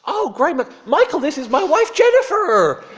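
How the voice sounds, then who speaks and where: A man voicing a loud, overly cheerful male American tourist with an American accent. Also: very high voice, sing-song, normal speed, pitched above the performer's own voice. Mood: gushing. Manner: overly cheerful, chatty, piercing. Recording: dull lo-fi sermon recording.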